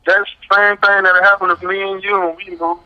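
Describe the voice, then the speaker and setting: A man's voice: high voice, flat delivery, a little fast. Emphatic man over a dull phone line. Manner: emphatic, asks "right?" often. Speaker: guest. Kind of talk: casual radio talk.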